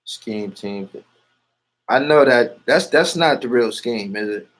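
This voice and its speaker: A man's voice: mid-range voice, takes it slowly, a bit bright. Boastful, profane man talking casually. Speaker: interviewee. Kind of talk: casual street talk.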